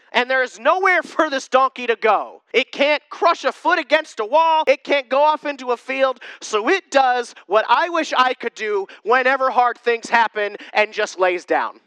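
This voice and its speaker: Animated, high-voiced male preacher. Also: clear, resonant tone, no room sound. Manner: humorous, conversational storyteller. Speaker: pastor. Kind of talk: sermon.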